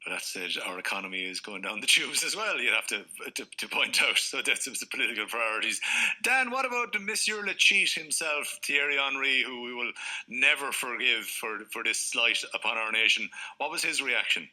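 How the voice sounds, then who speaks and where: A man's voice: mid-range voice, expressive, moderate pace, pushed and bright, poor audio. A man hosting a podcast, putting wry, teasing questions to his guests. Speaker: podcast host.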